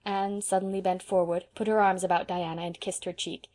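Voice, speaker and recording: A woman narrating a classic novel as an audiobook, in an expressive, measured storytelling manner. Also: fairly low pitch. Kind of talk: scripted narration.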